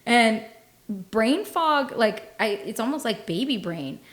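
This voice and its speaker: A woman's voice: a little high, expressive, slow, fairly bright tone. A woman in her forties co-hosting a podcast in casual comedic chat, self-deprecating and laughing often as she tells stories. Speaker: podcast co-host.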